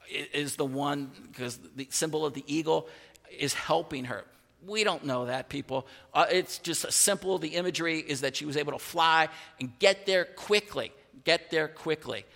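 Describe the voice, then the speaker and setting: A pastor giving a sermon, telling a personal story in an animated way and often restarting his phrases. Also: a little high, gravelly, big-room sound.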